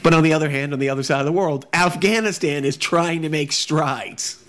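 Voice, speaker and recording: A man co-hosting a casual podcast, talking in a halting way with many restarts. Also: on the high side, noisy background. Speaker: podcast co-host. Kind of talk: casual chat. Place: echoey room at home.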